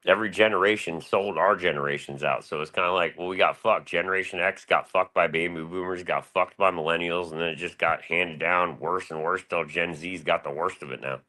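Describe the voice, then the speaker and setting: A man's voice: low-pitched, steady tone, fairly quick, hardly any pauses, pushed and bright. A man around forty talking in a loose, rambling, profane way on a casual chat stream. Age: 40s. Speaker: panel guest.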